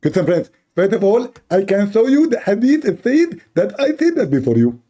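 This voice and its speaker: A man's voice: fairly high pitch, big pitch swings, quick pace, dark tone. A man doing a mocking voice of a male debater who keeps starting with the host's name and sounds indignant.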